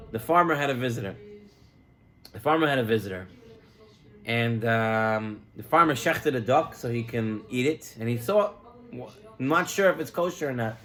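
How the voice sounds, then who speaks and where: A man giving a sermon as a rabbi, telling a story in a lively way and mixing in Hebrew terms. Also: a little high.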